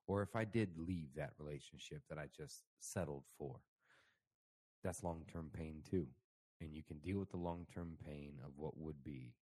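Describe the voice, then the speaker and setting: A man in his thirties co-hosting a radio talk show, telling stories in a profane, animated way. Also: a bass voice, dry recording. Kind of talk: casual on-air chat.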